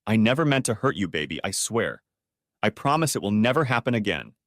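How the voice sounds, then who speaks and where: A man's voice: lowish voice, very animated, fairly quick, a bit bright, dry recording, clean studio sound. A man voicing a tearful pleading wife. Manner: begging, tearful. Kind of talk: audiobook character voice.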